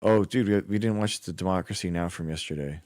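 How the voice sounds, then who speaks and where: Young american dude streaming, real low voice, dry close sound, lots of likes and dudes. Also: male voice, brisk, darkish tone, dry recording. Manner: rambling, says "like" and "dude" a lot. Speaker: livestream host. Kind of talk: casual chat with chat viewers.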